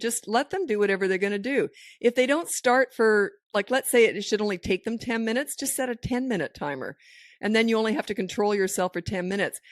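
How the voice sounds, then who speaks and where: A woman's voice: medium pitch, no echo, studio quality. Goofy, laughing middle-aged woman host. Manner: goofy, laughs often, acts out voices in stories. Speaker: parenting podcast host. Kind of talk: casual advice chat.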